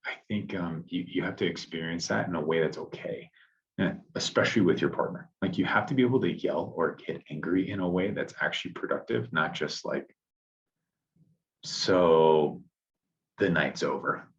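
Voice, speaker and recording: A man talking reflectively in a casual podcast conversation, a father thinking out loud with restarts. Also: sits low, normal speed, lo-fi sound.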